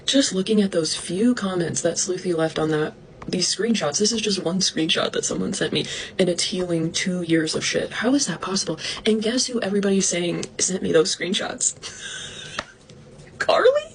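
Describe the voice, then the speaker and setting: Young woman, indignant rant, fast talker, casual vlog, faint background hiss. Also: rough recording. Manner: indignant, fast-talking, swearing, mimicking others in high voices. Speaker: livestreamer venting about online drama. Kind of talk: ranting monologue to followers.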